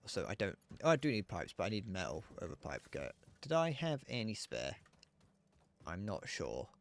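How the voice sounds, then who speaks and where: A man's voice: on the low side, wildly swooping pitch, normal speed. Rambling man streaming a game. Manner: rambling, muttering to himself between remarks. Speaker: livestreamer. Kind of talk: casual chat while gaming.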